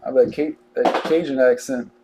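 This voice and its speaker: A man's voice: medium pitch, fairly even intonation, normal speed, noisy background. A man chatting casually while he opens trading cards on a live break, drawling and joking as he reads out each card.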